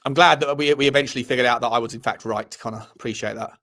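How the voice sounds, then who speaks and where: An English-accented man hosting a live fan show talks at a racing pace in a medium-pitched, fairly bright voice with fairly even intonation. He chats casually with viewers, reacts to their messages, swears freely, and laughs at himself while telling stories.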